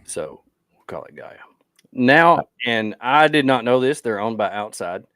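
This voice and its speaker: A man's voice: medium pitch, lively intonation, a little slow, fairly bright tone, smooth, no echo, studio quality. A tired man co-hosting a podcast, chatting casually and rambling as he loses his train of thought. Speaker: podcast co-host.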